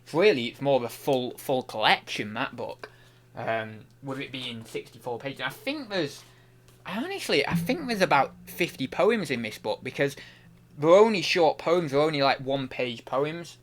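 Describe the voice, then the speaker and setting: A man's voice: medium pitch, expressive, normal speed. A young man chatting casually on a livestream while working, thinking aloud and rambling with many restarts. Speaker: online reseller and streamer.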